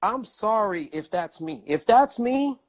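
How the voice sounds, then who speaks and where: A man vlogging a casual rant, emphatic and animated, repeating himself and swearing. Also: high voice, measured pace.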